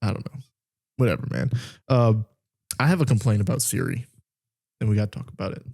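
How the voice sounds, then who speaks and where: A man's voice: fairly low pitch, brisk, creaky, darkish tone. A young man co-hosting a podcast, telling stories in casual chat, often laughing and mimicking a voice assistant. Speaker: podcast co-host.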